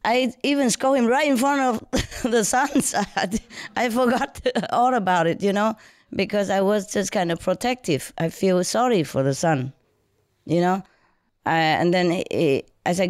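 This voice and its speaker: A woman telling a story casually in non-native, broken English, animated and often laughing. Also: on the low side, normal speed, no echo.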